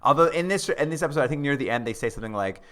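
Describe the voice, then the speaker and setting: A man's voice: medium pitch, lively intonation, racing, a bit bright. A man co-hosting a podcast in casual chat, recapping plot and acting out quoted lines with laughter. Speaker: podcast co-host.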